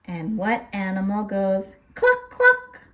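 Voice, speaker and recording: A woman leads a toddler lesson in a fairly high, bouncing sing-song voice. She speaks very slowly and imitates farm animal noises along the way. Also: animated. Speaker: children's teacher.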